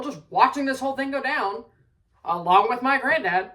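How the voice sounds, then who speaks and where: A woman's voice: fairly high pitch, animated, moderate pace, bright, forceful tone, far from the mic, slight background noise, rough recording. A young adult woman telling a story at home in a casual rant, swearing a lot, exasperated and full of rambling asides. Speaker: vlogger.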